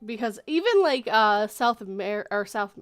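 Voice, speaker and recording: A woman's voice: mid-range voice, big pitch swings, normal speed. A woman hosting a casual chat stream, telling stories in a chatty, giggly way. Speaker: stream host.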